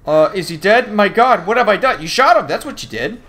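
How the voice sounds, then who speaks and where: A man's voice: high voice, a little fast, heavy background noise. A man giving loose, profane commentary while playing a horror game, often yelping and laughing when something startles him. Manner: excitable, swears a lot, yelps when startled. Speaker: gaming YouTuber.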